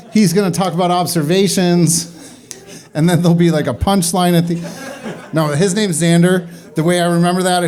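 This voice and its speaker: A man's voice: high-pitched, a little mellow. A man hosting a comedy open mic, rambling and self-deprecating as he introduces acts. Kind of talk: casual emcee banter. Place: small venue with audience.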